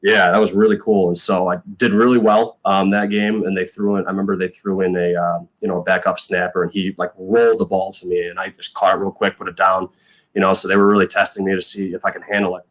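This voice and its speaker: Man, thirties, very low voice, podcast guest, casual storytelling, lots of fillers, acts out quotes. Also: flat delivery, quick pace, a bit bright. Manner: rambling, frequent fillers, acts out quoted lines. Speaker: podcast guest, former punter.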